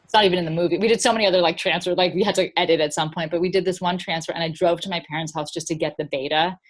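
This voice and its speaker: A woman's voice: fairly low pitch, fairly even intonation, racing. A middle-aged woman speaking as a guest, telling a personal story in an open, rambling way with frequent laughs.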